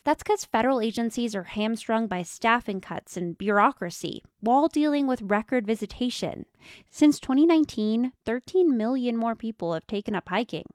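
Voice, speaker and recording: A woman reporter narrating a scripted radio feature story in a bright, storytelling way. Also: fairly high pitch, lively intonation, moderate pace, no room sound.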